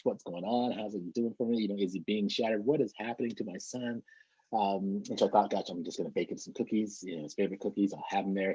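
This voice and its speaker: A man's voice: lowish voice, dark tone, breathy edge, no echo. A middle-aged man, a trainer, telling a motivational story in an earnest way, often repeating and restarting words. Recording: dull, muffled lo-fi recording.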